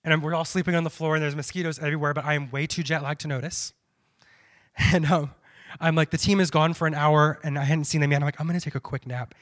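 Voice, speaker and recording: Man telling a faith story, higher voice. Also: fast talker. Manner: animated storytelling with quoted self-talk and many restarts. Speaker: missionary speaker. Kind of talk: personal testimony talk.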